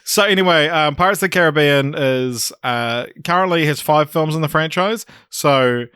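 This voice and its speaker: Guy cohosting a podcast, bright voice, dry close mic, chatty n rambly. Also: fairly high pitch, moderate pace, clean tone, no echo. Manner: chatty, laughs often, rambling. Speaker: podcast co-host. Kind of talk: casual chat.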